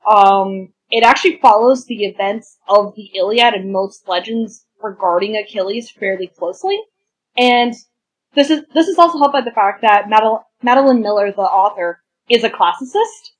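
A woman's voice: medium pitch, normal speed, breathy edge, low-quality recording. A woman co-hosting a podcast, chatting casually and enthusiastically about history and stories, with crude humor. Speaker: podcast co-host. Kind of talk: casual chat.

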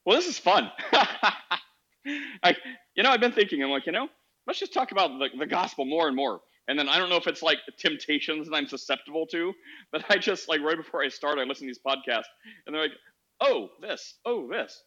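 A man's voice: fairly high pitch, animated, fairly quick, pushed and bright, dull audio. A man hosting a casual call-in podcast, talking animatedly and acting out quoted voices. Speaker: podcast host.

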